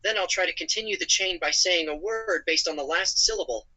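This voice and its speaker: A synthetic male voice as a gentle AI companion. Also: sits high, a little fast, full character voice, low-quality recording. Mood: reassuring. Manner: calm, apologetic, narrates own actions.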